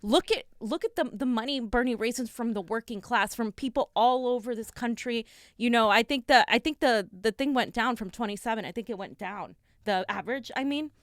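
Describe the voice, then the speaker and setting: A woman's voice: fairly high pitch, brisk, no room sound, clean studio sound. A woman co-hosting a casual political live stream, earnestly urging viewers to get involved. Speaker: political show co-host.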